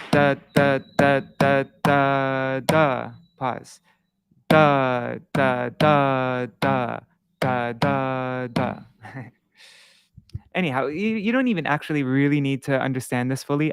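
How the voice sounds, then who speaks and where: Gravelly man teaching verse meter. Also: medium pitch, no echo, studio quality. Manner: patient, halting, thinks aloud with many restarts; chants syllable patterns slowly to demonstrate. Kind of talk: live-streamed casual lesson.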